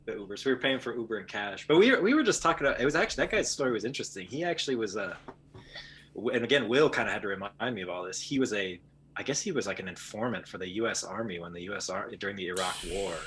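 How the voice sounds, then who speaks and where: A young man as a podcast guest, recalling a story in a relaxed, rambling way. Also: on the low side, racing, a little hiss or hum. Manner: relaxed, rambling recollection with fillers. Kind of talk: casual conversation.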